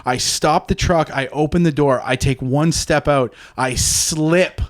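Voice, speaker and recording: A Canadian podcast host in his thirties tells a story in an unhurried, slightly high voice. His casual chat is profane, and he acts out the quotes.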